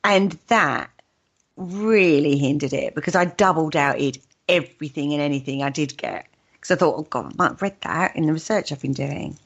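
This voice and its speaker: A woman's voice: sits low, moderate pace. A woman with a British accent hosting a casual radio chat show, chatty and enthusiastic. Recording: dull lo-fi radio audio.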